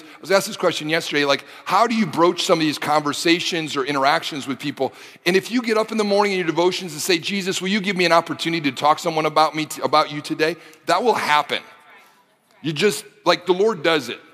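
A man preaching a sermon, telling a personal story with animated delivery that rises to shouting at the exciting moments. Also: fairly high pitch. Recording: long hall reverb.

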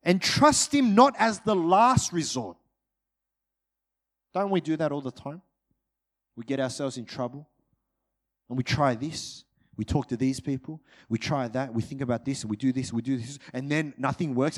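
A man preaching a sermon to his congregation, moving between urgent, loud peaks and hushed, drawn-out phrases. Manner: dynamic, swings from loud urgent peaks to hushed low delivery.

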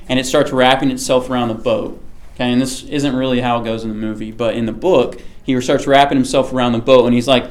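A man's voice: medium pitch, slight background noise. A man giving a casual sermon to a small group, chatty and often checking in with the listeners. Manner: chatty, keeps checking in with "okay?".

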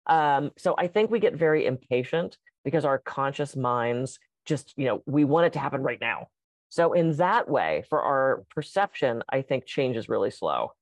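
A woman co-hosting a casual podcast chat as a coach, telling stories and acting out quotes with lively energy. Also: a bass voice, normal speed, no echo. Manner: animated storyteller, acts out quotes.

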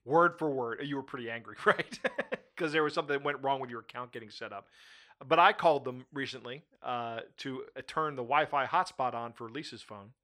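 A middle-aged man hosting a casual talk show, animated and quick to laugh, often repeating his words. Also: mid-range voice. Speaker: podcast host. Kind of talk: casual chat.

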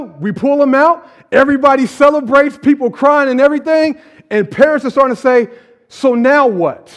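High-voiced man preaching a sermon. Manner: preaching with emphatic repetition and rising calls; casual, conversational preaching with slang. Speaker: pastor.

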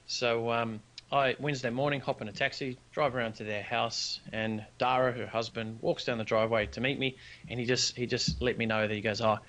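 A man, a business founder telling a personal story as a podcast guest, earnest and acting out the dialogue. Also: mid-range voice. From New Zealand. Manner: earnest, animated storyteller who acts out quoted dialogue.

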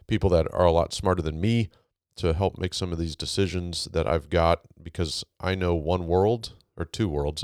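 A man's voice: low-pitched, clean tone, dry recording, studio quality. A man hosting his podcast in a casual, rambling monologue, speaking. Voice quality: monotone. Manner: rambling, with many fillers and restarts. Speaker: podcast host. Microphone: home recording, laptop mic setup.

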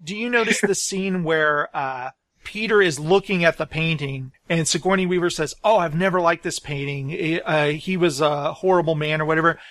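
Bright high-voiced man recapping a film. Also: moderate pace, no echo. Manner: recounts scenes, mimics characters playfully. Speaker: podcast co-host. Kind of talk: casual film review chat.

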